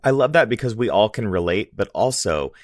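Male co-host, playful coach energy, low voice, dry studio sound. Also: expressive, brisk, dry recording. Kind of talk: casual podcast chat.

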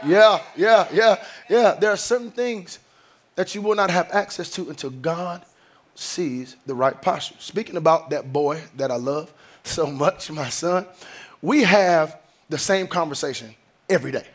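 A man's voice: fairly high pitch, moderate pace. A middle-aged man preaching a sermon from a stage, dramatic and emphatic, acting out family scenes in his own voice. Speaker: pastor. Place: on stage before a congregation.

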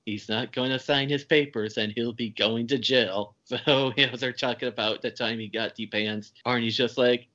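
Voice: medium pitch, steady tone, moderate pace, few pauses, fairly bright tone. A podcast host recapping a movie in casual chat, laughing while retelling scenes. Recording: dull, lo-fi podcast audio.

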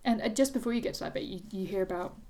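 A woman's voice: medium pitch, rapid-fire, darkish tone. A woman co-hosting a podcast, chatting enthusiastically about a novel and reading passages aloud. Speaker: podcast co-host. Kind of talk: casual book-club chat.

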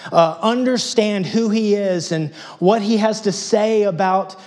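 A man's voice: high voice, measured pace, darkish tone. A man from Texas preaching a sermon in a conversational, humorous storytelling manner. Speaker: pastor.

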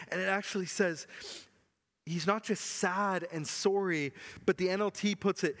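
Man, pastor, earnest sermon, quiet low stretches, somewhat high voice, echoing hall. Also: steady tone, normal speed. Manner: earnest, often drops to a soft low voice. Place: church hall. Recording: long hall reverb.

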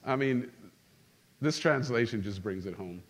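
A middle-aged man preaching a sermon as pastor, animated and joking, calling out to his congregation. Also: medium pitch, unhurried. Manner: animated, humorous, calls on the congregation. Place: church sanctuary.

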